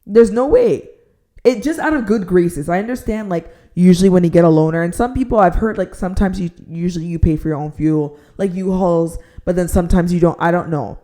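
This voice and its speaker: Young woman, storytime rant, exasperated, lots of "like", lowish warm voice. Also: fairly quick. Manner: exasperated, heavy use of "like", drops to a near-whisper to avoid shouting. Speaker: storytime vlogger.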